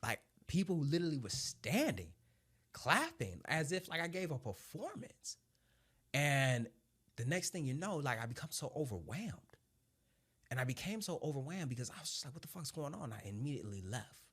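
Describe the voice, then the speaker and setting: A man in his thirties, a former Marine sergeant, telling his story in conversation with animated energy, frequent laughs and casual swearing. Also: mid-range voice, moderate pace, breathy edge.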